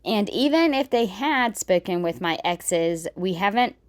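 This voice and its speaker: A woman's voice: mid-range voice, animated, a little slow. A woman giving blunt, scolding reaction commentary on video clips. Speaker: commentary vlogger.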